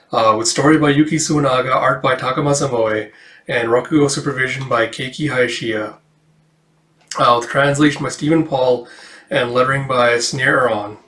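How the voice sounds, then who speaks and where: A man hosting a casual read-through, chatting in a relaxed way with lots of filler words. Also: mid-range voice, reverberant. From Canada. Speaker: channel host.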